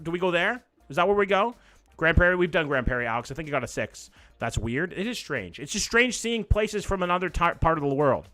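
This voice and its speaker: Bright-voiced profane streamer. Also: male voice, fairly high pitch. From Canada. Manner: loose, profane, joking, reacts out loud to what he sees. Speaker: livestream host. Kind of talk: live reaction stream, casual chat.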